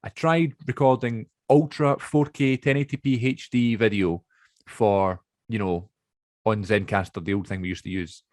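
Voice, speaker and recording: A man's voice: fairly low pitch, fairly even intonation, measured pace, a little mellow, dry recording, studio quality. A young man hosting a podcast over a video call, chatty and rambling, often correcting himself. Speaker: podcast host. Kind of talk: casual chat.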